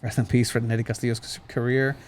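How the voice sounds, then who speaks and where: This is a man from Southern California co-hosting a casual sports chat, with a voice of middle pitch. He teases and laughs easily and drops in frequent fillers as he talks. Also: little pitch movement, fast. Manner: teasing, laughs often, many fillers. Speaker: podcast co-host.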